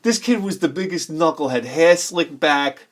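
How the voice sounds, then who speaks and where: A man's voice: a little high, lively intonation, moderate pace. A man in his forties, a game collector telling rambling childhood stories while showing his games, laughing often and acting out the people he quotes. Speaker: video game collector vlogger.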